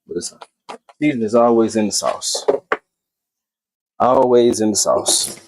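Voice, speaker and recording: A man's voice: on the low side, measured pace. A man hosting a casual cooking video, talking to viewers as he cooks and often repeating his phrases.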